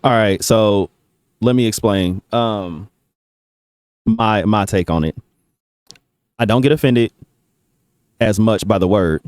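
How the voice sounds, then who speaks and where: A man's voice: fairly low pitch, takes it slowly, pauses often, darkish tone, smooth, no room sound, studio quality. A man hosting a reaction video, giving his blunt, profane take in casual streetwise slang.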